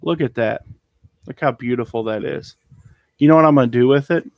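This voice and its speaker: Talking fairly quickly in a medium-pitched voice, an eBay reseller casually rambles through his haul on a live chat, trailing off with ums. The setting is a cluttered indoor storage room, though the audio has no room sound and the highs are cut off.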